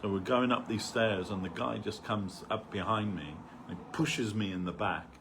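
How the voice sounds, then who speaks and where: A man's voice: fairly low pitch, normal speed, noisy background. A man giving an informal spiritual talk at a temple gathering, rambling conversationally and peppering his stories with "you know".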